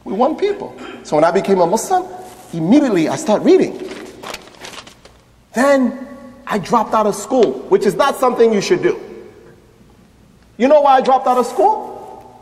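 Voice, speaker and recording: A man, an imam, telling his story in a lively religious lecture and acting out the voices of people he quotes. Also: sits high, moderate pace, pauses often. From United States. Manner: animated, acts out quoted voices. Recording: echoey hall with long reverb.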